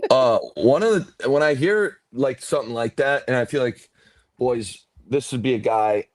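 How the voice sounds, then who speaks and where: A former football player hosts a casual podcast, wandering through long stories with plenty of swearing and laughter. His voice sits in an ordinary middle pitch. The mic is close and dry, with no room sound. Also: moderate pace, no room sound. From Ontario, Canada. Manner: rambling storyteller, swears, laughs often. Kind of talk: casual chat.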